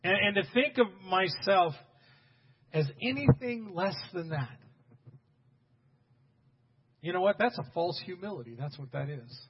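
A man preaching a sermon as pastor, talking straight to his congregation and building to loud, emphatic bursts. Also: high-pitched, animated, a little slow, pauses often, breathy edge, long reverb tail, dull audio.

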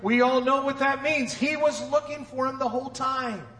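Male pastor, high voice, folksy humor, loud emphasis falling to hushed drops, long echo of a church hall. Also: steady tone, moderate pace. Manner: dramatic swings from loud emphasis to near-whispered drops. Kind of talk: sermon.

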